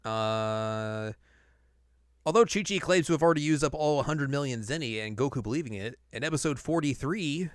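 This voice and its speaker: Smooth-voiced man recapping casually. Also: medium pitch, dry recording, clean studio sound. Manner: rambling recap with many fillers. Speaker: podcast co-host recapping an anime episode. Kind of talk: casual chat.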